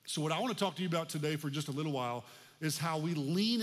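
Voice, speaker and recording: A man's voice: a little high, lively intonation, fast, big-room sound. A man in his forties from the United States, preaching a sermon as pastor in a conversational, folksy way with casual asides.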